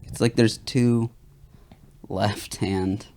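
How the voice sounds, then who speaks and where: Very low-voiced deadpan woman. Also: drawn-out words, slight background noise. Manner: deadpan, asks odd teasing questions. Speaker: podcast co-host. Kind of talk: casual chat.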